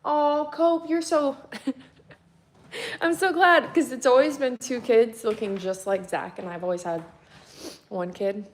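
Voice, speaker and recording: A woman's voice: on the high side, steady tone, slow pace, pauses often, slight background noise. A woman in her thirties, a mother of three boys, chatting casually and rambling to viewers from her kitchen with a phone mic while doing chores, laughing often. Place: home kitchen.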